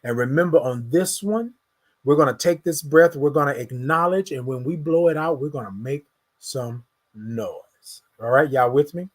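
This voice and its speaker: A man's voice: medium pitch, moderate pace. A man hosting a motivational morning show, talking in a repetitive, preacher-like, encouraging way. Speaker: host.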